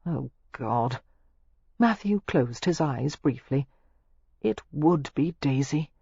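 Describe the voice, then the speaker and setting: A woman narrating a romance audiobook in a steady, expressive storytelling manner. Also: sits low, slow pace, gravelly, husky, no echo, dull audio.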